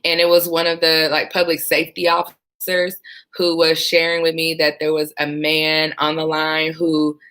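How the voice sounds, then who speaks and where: A former 911 dispatcher telling stories from the job in a casual, animated way, often breaking into laughter. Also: female voice, sits low, normal speed, clear, resonant tone. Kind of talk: casual storytelling vlog.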